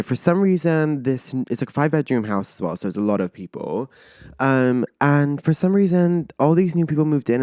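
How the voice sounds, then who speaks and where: Twenties male podcast host, casual and lively storytelling, middle pitch, no room sound. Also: clean tone, no echo, studio quality. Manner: animated, chatty, peppered with "like".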